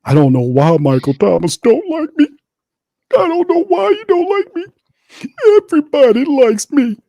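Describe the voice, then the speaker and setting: A man putting on a whiny, high, sing-song impression of a male quarterback to mock him. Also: big pitch swings, normal speed, creaky, dark tone, dry recording, dull audio, full character voice.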